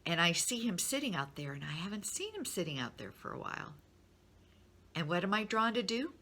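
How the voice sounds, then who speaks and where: A woman's voice: lowish voice, very animated, brisk, bright, forceful tone. A middle-aged woman speaking to her business network in a candid, encouraging way, openly sharing her feelings. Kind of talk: personal talk to a business network.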